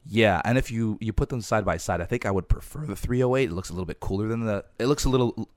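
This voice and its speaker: A man's voice: fairly low pitch, quick pace, no room sound, clean studio sound. A man hosting a podcast, chatting casually about cars and rambling a little with fillers. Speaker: podcast host. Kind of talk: casual car chat.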